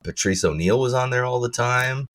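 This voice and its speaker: A man's voice: medium pitch, normal speed, a bit bright. A middle-aged man co-hosting a podcast, teasing and wry, laughing often in casual chat. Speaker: podcast co-host.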